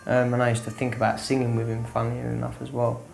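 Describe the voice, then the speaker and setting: Gravelly young man musing in an interview. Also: medium pitch, monotone, fast, darkish tone. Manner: musing, offhand, trails off with "I suppose". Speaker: pop band member. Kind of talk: interview talk. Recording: music playing behind. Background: faint music.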